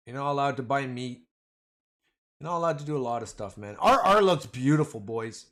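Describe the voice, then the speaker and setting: This medium-pitched, slightly bright male voice belongs to a livestream host. In a laid-back stream he jokes, rambles, and keeps calling his audience "man" and "boys."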